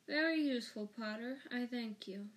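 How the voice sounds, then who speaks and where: A woman's voice: on the high side, normal speed, close to an everyday voice, rough recording. A woman voicing a cold, spiteful male schoolteacher in an audiobook reading, with a sneering, clipped delivery. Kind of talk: audiobook character voice.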